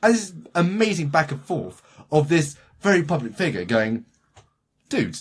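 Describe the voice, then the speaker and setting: A man's voice: a little high, sing-song, normal speed, husky. A man co-hosting a podcast, telling a story in loose, rambling casual chat, swearing often and restarting his sentences. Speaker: podcast co-host.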